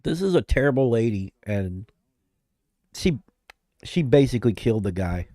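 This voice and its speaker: A man with a mellow, relaxed voice chats on a live stream while he is sick with flu-like symptoms. He rambles, breaks off mid-sentence and laughs a lot. The sound is dry and close, with no room echo. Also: medium pitch, normal speed. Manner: rambling, self-interrupting, laughs often. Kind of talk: casual live-stream chat.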